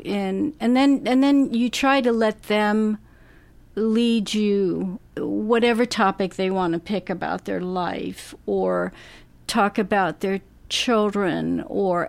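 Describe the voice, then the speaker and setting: Woman, middle-aged, hospice nurse, slow measured speech, gentle, dry close sound. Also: mid-range voice, vocal fry, no room sound. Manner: slow, gentle, thoughtful with many restarts. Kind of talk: interview answers.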